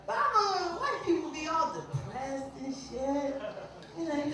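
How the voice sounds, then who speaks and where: Woman stand-up, high and lively, brash and profane; distant mic in an echoey club with crowd noise. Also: unhurried. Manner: loud, animated, swearing, acts out characters. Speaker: stand-up comedian; mother of three grown children. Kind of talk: stand-up comedy set. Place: small club stage in Honolulu. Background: audience laughter.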